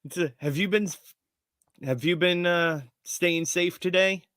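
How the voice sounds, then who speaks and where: A man's voice: high voice, fairly bright tone, dry recording, studio quality, voice pushed up. A man voicing a stern middle-aged mother with a Southern US drawl, in a tabletop game. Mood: worried. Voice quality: drawling, measured.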